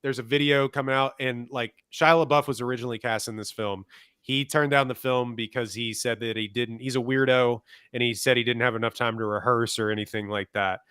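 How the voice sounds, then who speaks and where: A man's voice: mid-range voice, steady tone, fairly quick, fairly bright tone, smooth, no room sound. Podcast co-host, young man, wry and chatty, resonant, dry close sound. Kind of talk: casual chat.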